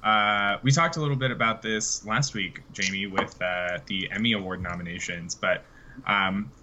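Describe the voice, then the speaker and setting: A man's voice: lowish voice, fairly even intonation, moderate pace, highs cut off. A young adult man hosting a casual podcast chat, easygoing and a bit hesitant. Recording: faint background noise.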